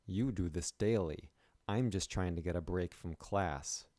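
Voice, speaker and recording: A man's voice: low voice, measured pace, mellow, dry recording, clean studio sound. A man voicing a competitive young woman soccer player who answers back in an exasperated, sarcastic way. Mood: annoyed.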